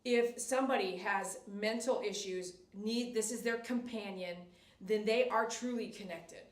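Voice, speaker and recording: A woman's voice: medium pitch, a little slow, far from the mic. A middle-aged woman dog groomer chatting on a live stream in her salon, giving emphatic, repetitive advice and coaxing a dog. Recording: echoey room, voice off-mic.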